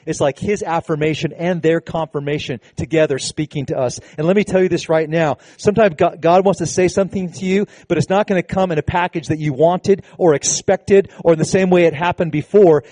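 A man preaching a sermon to his congregation, animated and conversational, with casual asides. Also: on the high side, dry recording. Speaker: pastor. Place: church service with a congregation.

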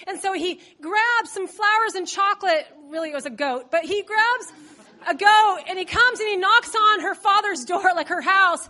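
A woman's voice: extremely high pitch, moderate pace, sharp tone. A woman preacher with a cold, delivering a chatty, humorous sermon and retelling a story with playful asides. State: has a cold. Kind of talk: conversational sermon.

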